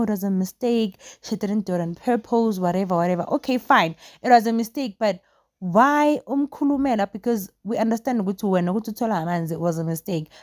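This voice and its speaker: A young woman with a South African Zulu accent giving casual, opinionated commentary on a reality show, animated and gossipy and mixing English with Zulu. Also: medium pitch, no room sound, clean studio sound. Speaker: entertainment vlogger reviewing a reality show.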